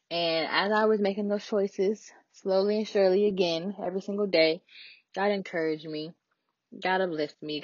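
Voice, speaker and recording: A woman's voice: lowish voice, dry recording, muffled recording. A young woman, talking earnestly and casually about her faith, with many fillers. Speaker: christian vlogger. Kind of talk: personal faith talk.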